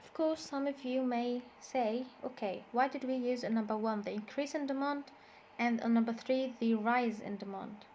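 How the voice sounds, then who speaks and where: A woman's voice: fairly high pitch, moderate pace, hardly any pauses, a little mellow, a little hiss or hum. Egyptian woman teaching English, drilling stress. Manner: switches between English and Egyptian Arabic, repeats words to drill stress. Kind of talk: classroom lesson explanation.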